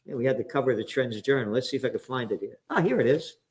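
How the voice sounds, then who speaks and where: A man's voice: medium pitch, lively intonation, racing. Profane, ranting New man. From the Bronx, New York. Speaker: trends forecaster and show host. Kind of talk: profane current-affairs commentary.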